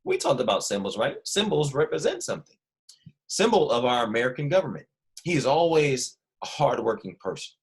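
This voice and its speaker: A man teaching a recorded history lesson to first graders, animated and prompting the children to repeat after him. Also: mid-range voice, a little fast, low-quality recording.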